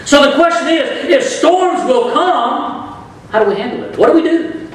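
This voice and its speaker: Speaking at a normal speed in a very high-pitched, expressive voice, a pastor preaches in a church sanctuary. He calls for the congregation to respond and rises into bursts of emphasis, captured from a distance in the echoey hall.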